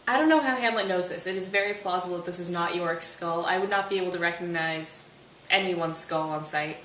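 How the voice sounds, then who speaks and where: A woman's voice: on the low side, a little fast, a bit bright, distant mic. A woman casually retelling a play in a chatty, wry, slangy manner. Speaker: student summarizing a play. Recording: roomy, off-mic, faint hiss.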